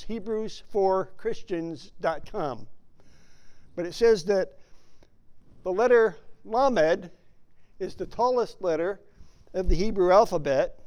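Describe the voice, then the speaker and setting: Slow, emphatic preaching man. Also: high-pitched, a little mellow. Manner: slow, emphatic preaching with rhetorical questions to the congregation. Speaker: pastor. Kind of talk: sermon.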